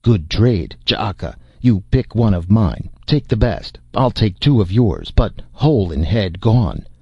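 A man's voice: fairly low pitch, sing-song, a little slow, gravelly, husky, no room sound, lo-fi sound, heavily acted. A man voicing a brutish, suspicious male tribal slaver chief in an audiobook, speaking in clipped, broken phrases. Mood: gruff. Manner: broken clipped speech, blustering. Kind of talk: audiobook character voice.

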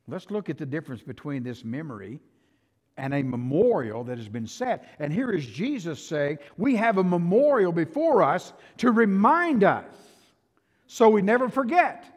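A man preaching a sermon as pastor, folksy and direct with the congregation, swinging between hushed asides and loud, emphatic passages. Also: fairly high pitch, in a large hall.

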